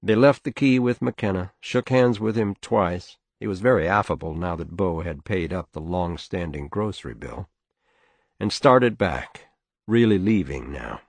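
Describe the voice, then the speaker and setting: A man reading a novel aloud in a measured, steady audiobook narration. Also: low-pitched, creaky, no echo.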